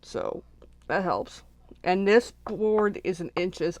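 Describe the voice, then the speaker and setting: A woman's voice: lowish voice, expressive, slow pace, darkish tone, dry recording. A woman hosting a casual live crafting session, chatting and rambling as she thinks aloud while she works at her craft desk. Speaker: craft channel host.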